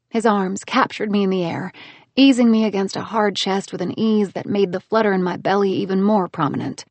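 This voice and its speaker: A woman narrating a first-person romance audiobook in a smooth, expressive way. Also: medium pitch, no room sound.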